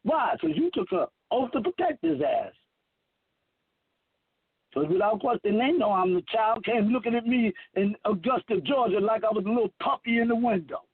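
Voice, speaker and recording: Through a tinny, dry phone line, a man in his fifties preaches as a self-proclaimed messiah in a rambling, profane monologue. His voice is high-pitched, animated, and slightly rough at normal speed, emphatic and heavy on swearing, with no room sound.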